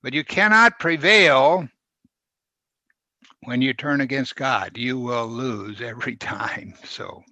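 A man preaching a verse-by-verse sermon, with sharp rises and drops in volume for emphasis. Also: medium pitch, no room sound, lo-fi sound. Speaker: pastor.

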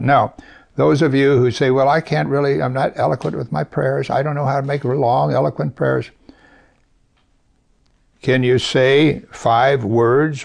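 A male preacher walks a congregation through scripture in an easy, talky way, pausing to ask questions of his listeners. His voice sits mid-range with a gravelly, fry-tinged edge. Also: mid-range voice. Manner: conversational Bible teaching with rhetorical questions and chuckles. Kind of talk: sermon.

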